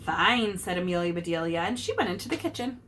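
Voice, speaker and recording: A woman reading a picture book aloud to her child, pausing to explain idioms and acting out the characters. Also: on the low side, very animated, background noise.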